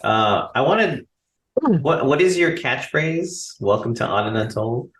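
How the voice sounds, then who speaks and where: A man's voice: mid-range voice, expressive, slow, a bit bright, a little hiss or hum. A man chatting casually on a podcast, playful and rambling, often tripping over his words. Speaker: podcast guest. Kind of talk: casual chat.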